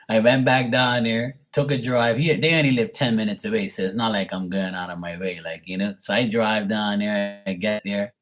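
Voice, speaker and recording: A man's voice: on the low side, steady tone, moderate pace, fairly bright tone. A middle-aged man reading tarot on a live stream, telling a rambling family story in casual chat, swearing and mimicking his relatives. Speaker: tarot reader.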